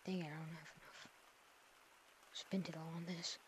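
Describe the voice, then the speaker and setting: A woman's voice: low voice, flat delivery, normal speed, slight background noise. A woman giving playful, silly gameplay commentary into a headset mic, swinging from mumbled asides to squeals. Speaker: gaming video creator.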